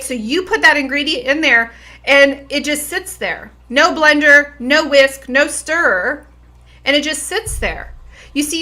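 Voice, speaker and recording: A woman's voice: sits high, sharp tone. A middle-aged woman health coach giving an earnest, emphatic motivational talk to her viewers. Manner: earnest and emphatic, with repeated phrases.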